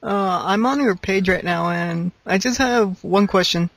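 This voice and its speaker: High male interviewer, dry and close, keeps his questions short. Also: measured pace, vocal fry, fairly bright tone, no room sound.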